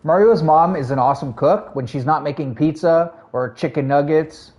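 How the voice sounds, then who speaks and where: A man's voice: on the high side, normal speed, lo-fi sound. A man streaming a video game, chatting casually with his viewers, greeting them and answering their messages with frequent laughs. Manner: chatty, laid-back, greets and answers chat, laughs often. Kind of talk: casual live-stream chat while gaming.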